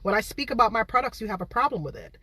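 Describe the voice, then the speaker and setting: A Jamaican woman with a higher-than-usual, bright, forceful voice rants indignantly to her viewers. She repeats her points and fires rhetorical questions, talking as a baker defending her business. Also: very animated, rapid-fire, husky, no echo. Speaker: baker running her own cake business. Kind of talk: ranting livestream monologue.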